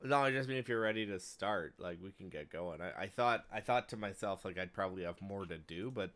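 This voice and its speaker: A man's voice: sits low, fairly quick, fairly bright tone. A man hosting a game stream, chatting casually with a friend before going live and often breaking into laughter. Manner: laughs a lot and quotes meme songs in silly voices.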